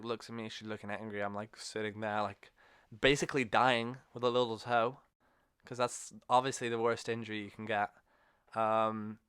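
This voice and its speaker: Smooth-voiced podcast host, rambling. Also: male voice, medium pitch, bright, forceful tone, no room sound, studio quality. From England. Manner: rambling storyteller, self-correcting as he goes. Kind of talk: casual chat.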